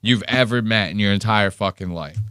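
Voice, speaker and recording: A man's voice: on the low side, fairly quick, clean tone, no room sound, clean studio sound, soft background music. Profane sarcastic podcast host man. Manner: profane, sarcastic, animated storytelling. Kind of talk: casual commentary on clips.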